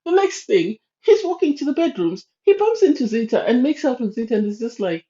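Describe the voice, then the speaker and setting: A woman's voice: on the high side, sing-song, a little fast, hardly any pauses, mellow. A woman giving a chatty, opinionated spoken review of a reality dating show. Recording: slightly dull lo-fi sound.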